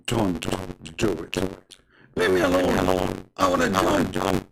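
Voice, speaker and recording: A man with an Arabic accent voicing a solemn male angel who pleads in a slow, drawn-out, hushed way. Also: sits low, creaky, very noisy, exaggerated voice. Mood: pleading.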